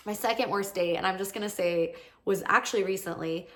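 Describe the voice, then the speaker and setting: A woman's voice: mid-range voice, fairly quick. A woman in her thirties hosting a podcast, telling a story in a casual, chatty monologue full of "like". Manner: chatty, peppered with "like", acts out quoted lines. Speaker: podcast host.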